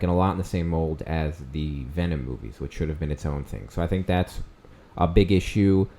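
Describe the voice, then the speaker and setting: A man in his thirties gives a casual spoken movie review as host of his channel. His voice sits low and mellow, and he talks off the cuff, with plenty of fillers and restarts. He lifts his voice on the words he wants to stress. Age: 30s. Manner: conversational, frequent fillers and restarts, emphatic rises on key words.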